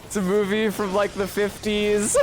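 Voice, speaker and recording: A man's voice: high voice, level tone, unhurried, faint music behind. A man streaming a video game, chatting casually in a rambling, profane, self-deprecating way. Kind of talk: casual gameplay commentary.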